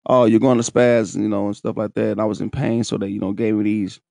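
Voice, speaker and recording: A man telling his own story in casual, profane, animated talk, laughing and breaking into high shouts. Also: fairly quick, creaky, dry recording, studio quality.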